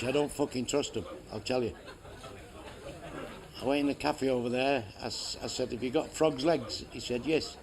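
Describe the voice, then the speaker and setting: A man's voice: on the high side, creaky. A man telling crude jokes as a stand-up comedian, swearing heavily and landing blunt punchlines.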